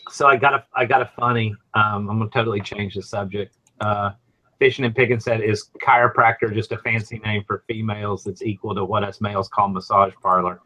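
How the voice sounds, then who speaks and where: Man, Southern US accent, bright and forceful voice, animated storytelling, casual chat host. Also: fairly low pitch, fairly quick, low-quality recording. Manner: animated storytelling, swings from loud to quiet asides.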